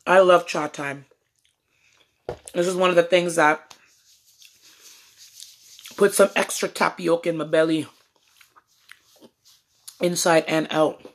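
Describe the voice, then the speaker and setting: A woman's voice: on the low side, fairly even intonation, takes it slowly, long pauses. A woman vlogger chatting playfully to her viewers on a live stream from a phone at home. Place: at home indoors. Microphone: phone propped up on a table.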